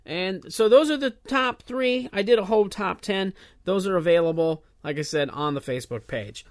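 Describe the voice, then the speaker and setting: A man hosting a comedy podcast, running through announcements in a loose, rambling way. His voice sits a little above the usual male pitch, and he fills the gaps with plenty of uhs. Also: moderate pace. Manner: casual, rambling, many filler uhs. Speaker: podcast host. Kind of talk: solo podcast intro announcements.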